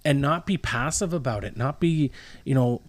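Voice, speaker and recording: Man, 30s, pastor; earnest rambling chat, mid-pitched, dry close sound. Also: normal speed, no room sound. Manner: earnest, rambling, many restarts. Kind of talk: casual podcast chat.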